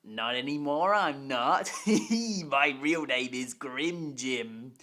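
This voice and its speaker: A reader voicing a gloating male demon steam engine villain who talks in a slow, drawn-out, mocking way, in an amateur storybook reading. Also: medium pitch, expressive, bright, forceful tone.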